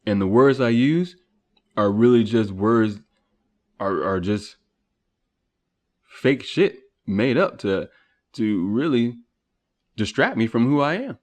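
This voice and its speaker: A podcast host thinks out loud in a loose philosophical monologue. He keeps asking rhetorical questions and restarting his sentences. His pitch moves with a lively range. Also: takes it slowly, long pauses.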